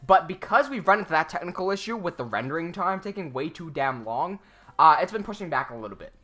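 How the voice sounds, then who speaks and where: Bright-voiced rambling livestream host. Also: male voice, fairly high pitch, expressive, fast talker, faint music behind. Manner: rambling, laughs often, many fillers and restarts. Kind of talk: casual livestream chat reading viewer comments.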